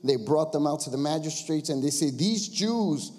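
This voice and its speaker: A male pastor preaching in a lively, conversational way, voice pitched a little high. He peppers the talk with rhetorical questions. His voice carries a long reverb from a church sanctuary. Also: brisk. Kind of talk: sermon.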